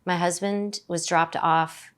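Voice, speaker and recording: Middle-aged woman, podcast guest, low-ish voice, halting with fillers and restarts. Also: steady tone, a bit bright. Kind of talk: personal storytelling in an interview.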